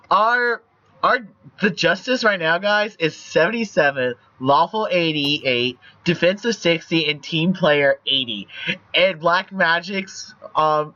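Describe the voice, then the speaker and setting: A man's voice: a little high, sharp tone. A young man streaming a text game, reading story passages and chatting loosely with casual swearing. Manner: loose and profane, reads story text aloud. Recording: dull lo-fi stream mic.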